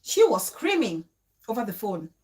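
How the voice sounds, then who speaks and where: A woman vlogger telling a story to camera in a casual way, emotional and pleading, with quick bursts and repeated questions. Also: medium pitch, sing-song, a little mellow.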